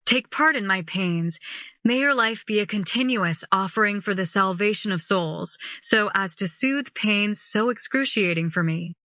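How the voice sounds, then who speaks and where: A woman's voice: mid-range voice, lively intonation, unhurried, bright, forceful tone, dry recording, studio quality. A woman reading the words of a suffering, sorrowful Jesus in a tender, anguished voice. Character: suffering Jesus, grown man, sorrowful and pleading.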